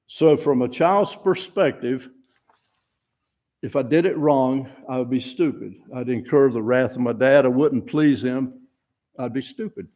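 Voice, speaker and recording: An older lay speaker delivers an informal, folksy sermon at a fellowship service, plain-spoken and self-deprecating, often restarting his sentences. His voice is mellow and medium in pitch.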